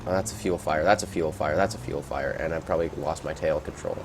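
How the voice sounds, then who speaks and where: A man giving casual, rambling gameplay commentary, reacting out loud and swearing at surprises. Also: a bass voice, quick pace, a little hiss or hum.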